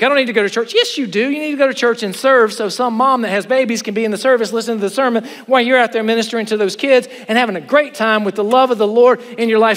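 A middle-aged man preaching a sermon to a chapel audience, animated, with joking asides and rhetorical questions. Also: very high voice. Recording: hall with long reverb.

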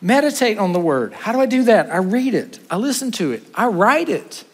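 Guy preaching in a church, kinda high voice, goes fast then slows way down to hit points, echoey hall. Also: sing-song, husky. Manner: earnest, preaching to a congregation, shifting between fast asides and slow emphasis. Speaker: pastor. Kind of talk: sermon. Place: church sanctuary.

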